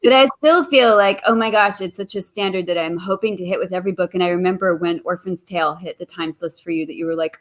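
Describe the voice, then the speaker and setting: A middle-aged woman hosting a casual interview, chatty and enthusiastic and quick to laugh. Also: on the low side. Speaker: host.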